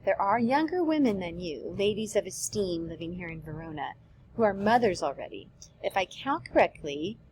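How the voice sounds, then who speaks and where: A woman's voice: lowish voice, slight background noise, lightly acted, poor audio. Woman reading as a firm noble mother. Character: noble middle-aged mother, firm and businesslike. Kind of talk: reading a play aloud.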